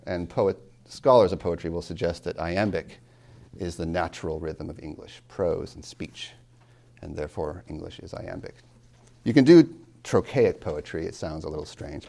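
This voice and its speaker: Low gravelly male poetry tutor. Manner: animated, tapping out rhythms aloud; asks questions and answers them himself. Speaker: college tutor. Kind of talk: classroom lecture on poetry.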